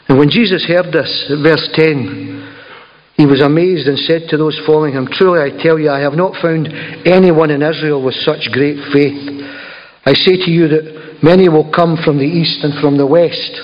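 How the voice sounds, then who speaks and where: A man preaching a sermon in a conversational, emphatic storytelling manner with asides. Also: a little high. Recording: slightly dull lo-fi recording.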